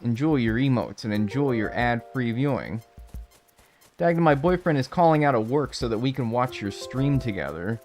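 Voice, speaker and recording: Rambling, animated young man streaming. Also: mid-range voice, moderate pace, soft background music. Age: 20s. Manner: rambling, joking, full of filler "like". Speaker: game streamer. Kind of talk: casual chat with live viewers.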